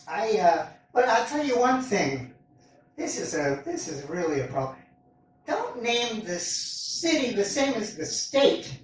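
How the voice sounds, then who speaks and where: A man doing a stand-up comedy set on a club stage, with a halting, meandering delivery and lively pitch swings. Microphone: far camera in the audience. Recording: echoey club recorded from far off. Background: audience laughter.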